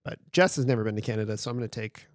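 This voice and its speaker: A man's voice: lowish voice, racing, no echo, clean studio sound. A man co-hosting a podcast in casual chat, rambling, swearing freely and getting enthusiastic. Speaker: podcast co-host.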